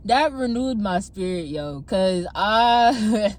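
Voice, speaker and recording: A young woman with a mid-range voice shares a personal testimony from her parked car, speaking slowly in a casual, animated storytelling style. She laughs often and acts out her own past outbursts, like a testimony vlogger.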